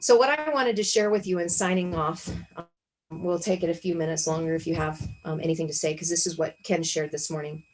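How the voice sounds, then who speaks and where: Over a video call, a Bible study host leads a casual spiritual teaching session in a fairly low-pitched woman's voice. Earnest and reflective, she frequently asks herself questions out loud, and the recording is of low quality.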